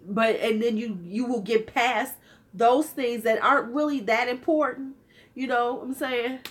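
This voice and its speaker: A woman's voice: on the high side, measured pace. Sassy woman in her fifties. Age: 50s. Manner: sassy, candid, joking. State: slightly worn-out voice. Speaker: vlogger. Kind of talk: casual livestream chat.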